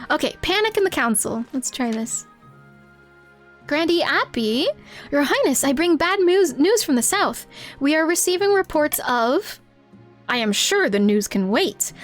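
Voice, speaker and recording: A woman streaming a game live, laughing often and talking to her chat while reading out game lines. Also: high-pitched. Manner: giggly, animated, reads out game lines.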